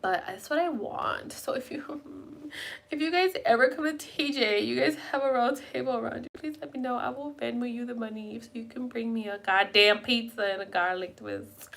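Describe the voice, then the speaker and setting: A young woman talks casually to her live viewers from home. Her voice is bright and sits a little high. She rambles from one thought to the next and swears offhandedly. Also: a little fast, creaky. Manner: rambling, chatty, casually profane. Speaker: live streamer chatting with viewers. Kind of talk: casual chat.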